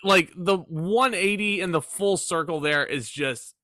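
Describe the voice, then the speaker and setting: A man cohosting a wrestling review, talking excitedly and quickly, filling his speech with "like.". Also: sits high, crowd noise. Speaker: guest cohost. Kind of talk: casual chat.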